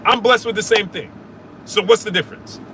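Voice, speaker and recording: A man hosting a casual live sports stream argues with his chat, repeating himself and calling viewers "brother." His voice is high-pitched and sharp, and he talks fairly quickly. There's a little hiss or hum on the audio.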